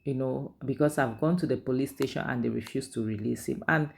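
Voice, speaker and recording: A woman's voice: extremely low pitch, a little fast, creaky, a little mellow. A woman, casually recapping and reviewing a drama series in a chatty, opinionated way. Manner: chatty, opinionated, frequent "like" and "you know".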